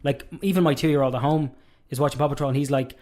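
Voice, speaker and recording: A man's voice: mid-range voice, fairly even intonation, fast talker, a little mellow. A young man chatting casually as a podcast guest, retelling film scenes with enthusiasm and acting out the bits he quotes.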